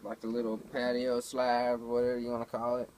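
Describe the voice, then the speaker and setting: A man's voice: mid-range voice, monotone, a little fast, a little mellow, slight background noise, rough recording. A man talking casually to a camera at home, telling rambling everyday stories with lots of fillers and swearing. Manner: laid-back, profane, storytelling with many fillers. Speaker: vlogger. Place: home, indoors.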